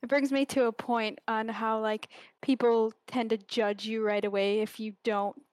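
Bright-voiced woman, earnest and agreeable. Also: fairly high pitch, flat delivery, moderate pace, dry recording. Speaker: podcast co-host. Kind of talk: casual podcast chat.

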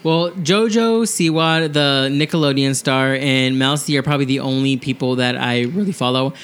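A woman's voice: extremely low pitch, normal speed, clear, resonant tone. A young woman co-hosting a podcast, rambling with many fillers and restarts in casual chat. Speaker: podcast co-host.

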